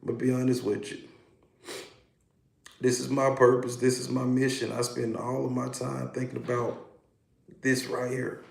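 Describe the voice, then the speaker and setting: A man's voice: mid-range voice, little pitch movement, a little slow, creaky, pauses often, roomy sound. A man, a hypnotherapist, hosting a casual livestream, talking animatedly and greeting viewers by name.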